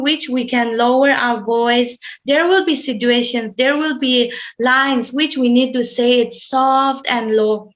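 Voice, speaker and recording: High-voiced woman giving a webinar. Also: a bit bright, highs cut off. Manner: measured, repeats points, frequent ums and uhs. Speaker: webinar presenter. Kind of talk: online webinar talk. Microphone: computer mic on a video call.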